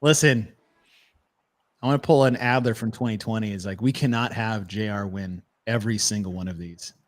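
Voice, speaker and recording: A man hosting a casual podcast chat, animated and quick to laugh and swear. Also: on the low side. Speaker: podcast host.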